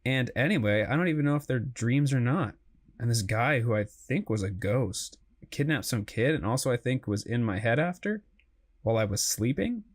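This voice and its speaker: A man's voice: medium pitch, expressive, normal speed, natural voice. A man reading an anxious young cat woman. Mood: uneasy.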